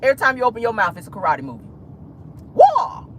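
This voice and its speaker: A woman talks celebrity gossip from the driver's seat in a sassy, drawling way, sprinkling 'honey' and 'baby' everywhere. Her pitch leaps and dips all through her talk. A steady car hum sits clearly under her voice. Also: very fast, low-quality recording. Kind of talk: casual gossip commentary. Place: inside a car.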